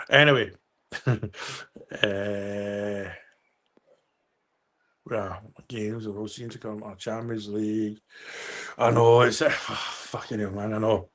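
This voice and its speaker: A man's voice: medium pitch, fairly bright tone. A Scottish man hosting a casual livestream, rambling and swearing as he reads out viewer comments. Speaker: livestream host.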